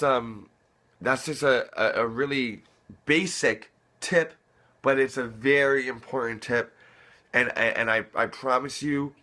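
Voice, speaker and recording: A man's voice: medium pitch, a bit bright. A young man giving earnest fatherly advice in casual talk to camera, repeating himself and restarting often. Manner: earnest, repetitive, many restarts.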